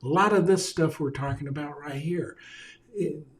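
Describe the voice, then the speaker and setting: A man's voice: a little high, normal speed. A man, a communication consultant, giving an earnest talk straight to camera and repeating key phrases for stress. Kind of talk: direct-to-camera video talk. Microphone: camera mic, speaking to viewers on video.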